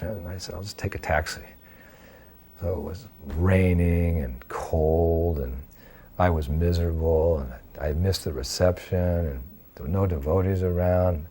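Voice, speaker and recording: A man in his sixties telling a personal story in an animated way, acting out the dialogue as he goes. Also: deep voice, breathy edge. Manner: animated storyteller who acts out dialogue and laughs at himself. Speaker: devotee sharing memories of his teacher.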